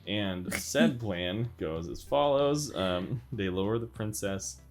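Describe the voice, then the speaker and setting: A man's voice: fairly low pitch, animated. A man in casual podcast chat, recapping a cartoon scene by scene. His voice rises and falls a lot, and he laughs often. Faint music plays behind him. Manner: laughs often, acts out character lines in quick put-on voices. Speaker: podcast co-host.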